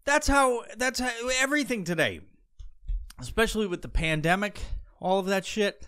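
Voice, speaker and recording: A man's voice: sits high, lively intonation, moderate pace, a bit bright, smooth. A man hosting a podcast, rambling crudely and sarcastically with lots of fillers and swearing. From Pacific Northwest. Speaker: podcast host. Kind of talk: casual profane monologue. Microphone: podcast mic.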